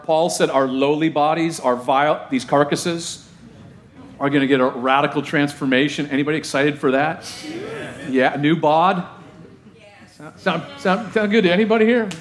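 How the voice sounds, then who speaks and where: A middle-aged male pastor preaching a sermon in a conversational way, often asking the congregation questions. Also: fairly high pitch.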